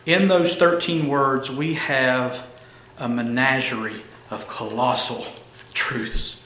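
A man preaching an expository sermon, emphatic, slowing down to stress key phrases. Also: mid-range voice, steady tone, pushed and bright, slight background noise. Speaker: pastor. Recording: echoey room with faint ambience.

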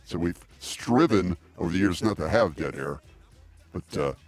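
A man hosting a casual podcast, brisk and wisecracking. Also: sits low, expressive, dry recording, faint music behind. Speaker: podcast host.

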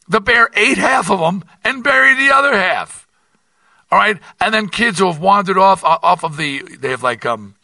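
An older man hosting his own podcast, telling a rambling, animated story with many restarts and asides. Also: sits high, gravelly, dry recording, recorded from a distance. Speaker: podcast host. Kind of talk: casual monologue.

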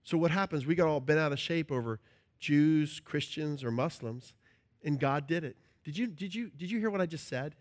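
A middle-aged man preaching a sermon as a pastor, animated and playful, acting out little scenes with shouts and joking voices. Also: a little high, normal speed.

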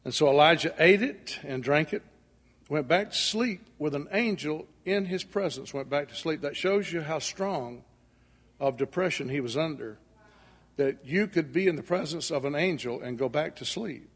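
Husky man preaching in a folksy style. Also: on the high side, animated, normal speed. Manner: folksy storytelling, acting out dialogue. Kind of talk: sermon. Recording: echoey hall with long reverb.

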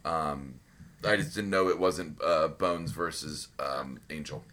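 A man's voice: extremely low pitch, slow, sharp tone. A man co-hosting a casual podcast chat, rambling with lots of fillers and restarts. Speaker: podcast co-host.

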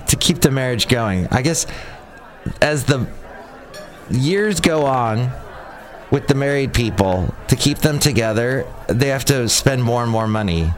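A man's voice: medium pitch, a little hiss or hum. A man hosting a solo podcast outdoors near a cafe, rambling sarcastically and restarting his sentences often. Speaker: podcast host. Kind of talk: casual solo podcast monologue.

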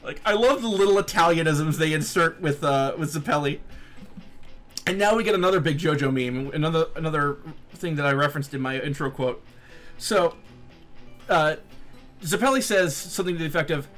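A man hosting a podcast in casual chat, animated, laughing often and swearing casually. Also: fairly high pitch, normal speed, faint music behind. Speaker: podcast host. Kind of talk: casual chat recapping an anime.

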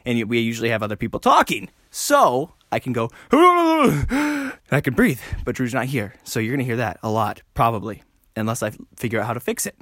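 A man hosting a solo podcast, rambling and joking at himself, talking fast and often jumping up high. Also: expressive, fairly bright tone, no echo, clean studio sound. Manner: rambling, self-mocking, fast with sudden high jumps. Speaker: podcast host. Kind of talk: casual solo podcast chat.

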